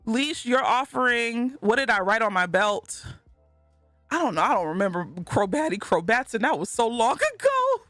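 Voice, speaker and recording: A woman's voice: fairly high pitch, very animated, normal speed, fairly bright tone, dry recording, faint music behind. A woman streaming live and reading chat messages aloud, talking in a casual way and laughing often.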